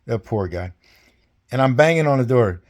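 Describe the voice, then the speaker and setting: A man's voice: mid-range voice, expressive, normal speed, a little mellow. An older man recounting his service in a rambling, folksy way, speaking casually over a video call. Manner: rambling, folksy, salty, chuckling. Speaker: veteran interviewee. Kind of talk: casual storytelling interview.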